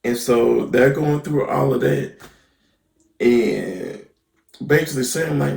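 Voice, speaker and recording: A man with a gravelly, creaky voice walks through a TV episode in loose, conversational slang. His voice bounces around an echoey room, and he leans on fillers like "basically" and "right?" to keep the recap moving. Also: medium pitch, slow pace, long pauses, darkish tone. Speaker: TV episode reviewer.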